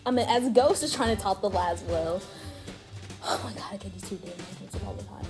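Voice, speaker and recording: A woman's voice: mid-range voice, normal speed, a little mellow, faint music behind. A woman co-hosting a casual chat, rambling through a story and often breaking into laughter. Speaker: co-host. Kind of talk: casual chat, recapping a game.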